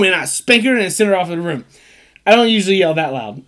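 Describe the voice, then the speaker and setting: A man's voice: sits high, quick pace. A man in his thirties co-hosting a casual chat, telling stories and acting out the quotes with energy. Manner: animated storyteller who acts out quotes. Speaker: podcast co-host.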